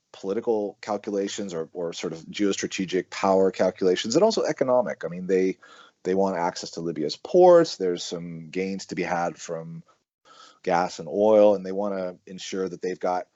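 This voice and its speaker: A man, a researcher being interviewed on a podcast, explaining in a measured, analytical way with frequent "um" and "you know" and the odd "right?". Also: deep voice, mellow, dry recording, dull audio. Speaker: researcher and author, interview guest.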